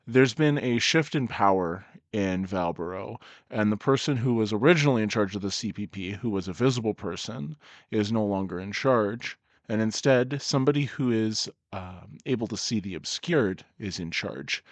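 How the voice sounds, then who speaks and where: A man voicing an earnest male orc police officer who speaks in a steady, businesslike way. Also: lowish voice, moderate pace, dry recording. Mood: confiding.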